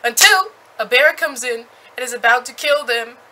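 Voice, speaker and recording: A young woman recapping a book in a chatty, animated way with lots of fillers. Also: a little high, moderate pace, background noise. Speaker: book reviewer.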